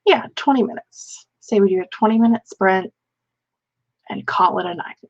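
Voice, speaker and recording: A woman's voice: mid-range voice, gravelly. A woman hosting a live writing stream alone, rambling and poking fun at herself as she chats with viewers. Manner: rambling, self-mocking, talks to chat. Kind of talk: casual live-stream chat. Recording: slightly dull lo-fi stream audio.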